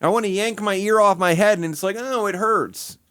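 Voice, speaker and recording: A man from Michigan chatting casually on a live stream, goofy and crude, rambling with giggles and sudden high yelps. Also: fairly quick, sharp tone, clear, resonant tone, dry recording, studio quality.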